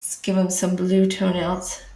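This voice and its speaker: A woman talks slowly and easily while she draws, narrating each stroke for her live stream. Her voice has a gravelly edge, and the room gives it a noticeable echo. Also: on the low side, completely flat delivery, warm tone. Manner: chatty, talks through her work. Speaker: streamer and artist. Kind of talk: live-streamed drawing commentary.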